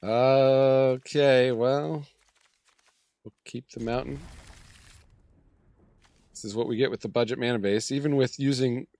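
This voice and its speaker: A man with a hoarse, sick voice hosting a channel and chatting casually through gameplay, thinking aloud. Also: medium pitch, unhurried, long pauses, a little mellow, dry recording. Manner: chatty, thinks aloud, self-deprecating laughs. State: hoarse from a cold. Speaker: gaming channel host.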